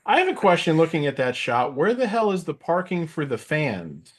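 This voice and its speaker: A man's voice: on the high side, wildly swooping pitch, normal speed. Rambling middle-aged man telling a story. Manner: rambling, filler-heavy storytelling. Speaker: podcast co-host. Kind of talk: casual chat.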